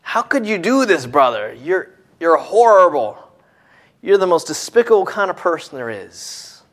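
A man's voice: high-pitched, sing-song, moderate pace, pitched above the performer's own voice. A man voicing a bitter, resentful older brother who speaks indignantly. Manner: indignant, rising and pushing.

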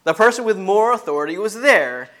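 A man's voice: high-pitched, animated, a little fast, pushed and bright. A man preaching an earnest sermon, teaching through a Bible passage and repeating key phrases for emphasis.

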